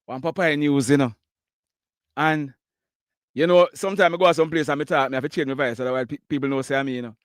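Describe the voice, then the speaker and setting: A Jamaican man hosts a call-in show, slipping between patois and plain English and breaking into laughter. His voice sits high, and it is dry and close to the mic. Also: fairly even intonation, fast talker, no echo. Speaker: live news show host taking callers. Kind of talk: casual call-in chat.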